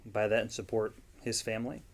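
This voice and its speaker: A man's voice: lowish voice, completely flat delivery, a little fast. A man, a guest vendor in a casual interview, speaking in an easygoing, plain-spoken way with frequent ums. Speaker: yarn dyer and guest vendor.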